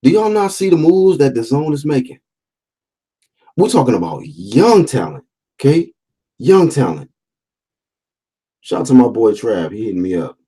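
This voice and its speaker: A man's voice: mid-range voice, wildly swooping pitch, normal speed, long pauses, mellow, breathy edge. A man hosting a casual boxing livestream, talking loosely with slang, repeating himself and reading out viewer comments. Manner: talkative, repeats phrases, reads out chat comments; fillers and restarts, laid-back slang.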